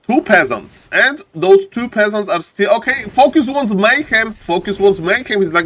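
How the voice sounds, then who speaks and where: Guy casting a strategy game live, hyped, keeps saying ladies and gentlemen, bit high voiced. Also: normal speed. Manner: excitable, repeats phrases, often says "ladies and gentlemen". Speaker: esports caster.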